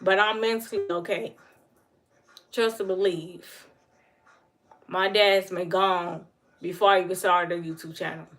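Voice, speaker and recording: A woman's voice: fairly low pitch, steady tone, a little slow, pauses often, a bit bright. A woman giving blunt, emphatic advice to her viewers on a casual livestream and answering the chat. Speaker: livestream host.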